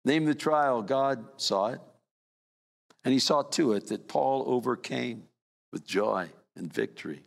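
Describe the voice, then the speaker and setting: An older man preaching a sermon as pastor, his voice swinging from raised emphasis down to low, quiet lines. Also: unhurried, gravelly, long reverb tail. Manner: preaching with sweeping rises and drops in pitch.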